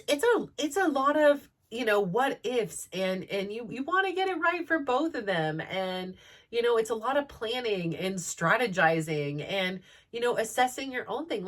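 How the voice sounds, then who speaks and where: Woman, chatty storytelling, frequent laughter, filler-heavy, mid-pitched, slightly distant mic. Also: a bit bright. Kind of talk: personal storytelling.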